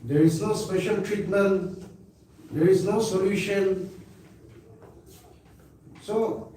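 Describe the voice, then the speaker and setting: A man giving a slow, emphatic statement at a press briefing, repeating words and pausing with fillers. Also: sits high, steady tone, warm tone. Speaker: party spokesperson at press briefing. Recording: echoey room, mic far off, faint hiss.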